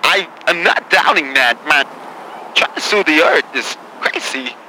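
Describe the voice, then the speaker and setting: A man doing a comedy impression of a deadpan male film actor who speaks in halting, oddly paced phrases. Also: on the high side, slight background noise, full character voice, poor audio.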